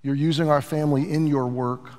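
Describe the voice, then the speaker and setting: A middle-aged pastor preaching a sermon in an earnest, animated way, with asides to his congregation. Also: on the high side, brisk, in a large hall.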